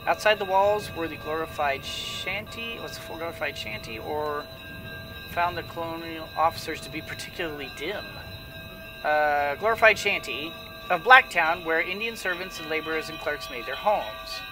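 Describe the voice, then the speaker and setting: A high-pitched man casually reads game text aloud and comments between passages. He sits some distance from the mic. Game music plays clearly behind him. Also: moderate pace. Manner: casual, reads narration with frequent restarts. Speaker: let's play host.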